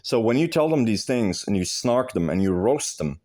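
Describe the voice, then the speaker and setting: Man, low-pitched, swinging intonation; blunt, cussing, repeats himself for emphasis in a to-camera monologue. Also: very animated, moderate pace, darkish tone. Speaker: video host giving advice.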